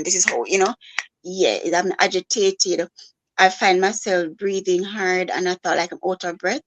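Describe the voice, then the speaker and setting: A grieving mother, talking softly and haltingly with many pauses and fillers. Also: on the low side, rough recording. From Jamaica. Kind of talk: live-stream conversation.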